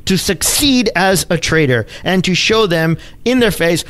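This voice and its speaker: A man hosting a podcast, telling a personal story in an emphatic, animated way with punchy exclamations. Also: sits high, a little slow. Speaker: podcast host, trading educator. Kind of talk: storytelling monologue.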